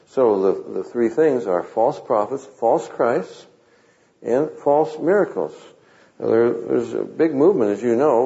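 A man's voice: medium pitch, mellow. Wry male preacher, dull lo-fi sound. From Southern California. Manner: conversational, wry, quotes scripture. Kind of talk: sermon with humorous anecdotes. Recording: muffled lo-fi recording.

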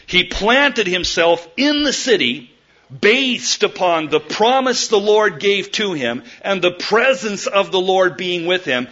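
Bright-voiced male pastor preaching. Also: high-pitched, slow pace. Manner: animated storytelling, acts out quoted voices. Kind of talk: sermon. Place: church. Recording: muffled lo-fi sermon recording.

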